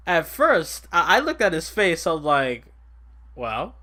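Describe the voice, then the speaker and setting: A young man hosting a casual podcast, rambling excitably about wrestling and laughing often. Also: on the high side, moderate pace. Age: young adult. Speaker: podcast host. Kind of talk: casual wrestling recap chat.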